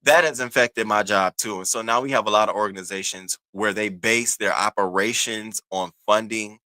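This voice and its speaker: Man, livestream host, loose profane chat, bright tone, dry room. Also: lowish voice, steady tone, moderate pace, no echo. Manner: loose, profane, talks to chat viewers by name.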